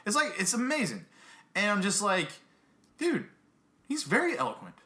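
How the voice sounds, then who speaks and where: A podcast co-host with a high-sitting male voice tells a story at normal speed in casual chat. He's animated, acting out the voices of the people in it.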